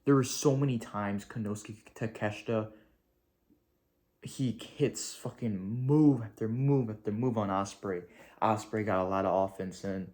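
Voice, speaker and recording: A man with a slightly low voice gushes about a wrestling show in a loose, casual video review. He swears often and rambles, throwing in slang as his excitement builds. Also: unhurried. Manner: excitable, profane and gushing.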